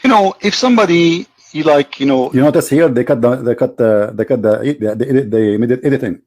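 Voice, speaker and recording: A man's voice: medium pitch, a little fast, darkish tone. A man with an English, mocking and argumentative, commenting over a replayed debate video and repeating his points. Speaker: online debate host.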